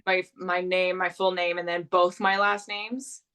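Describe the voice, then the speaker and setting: A woman's voice: on the low side, level tone, a little slow, fairly bright tone, clear, resonant tone. A young adult woman from Canada, a guest actress chatting casually in an interview, full of restarts and fillers.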